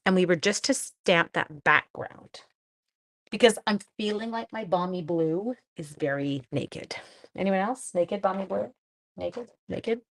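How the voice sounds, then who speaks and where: A woman's voice: fairly low pitch, vocal fry. A middle-aged woman from Canada chatting with viewers while she makes cards on a live stream, thinking aloud as she works. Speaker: card-making live streamer. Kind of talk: live craft stream chat.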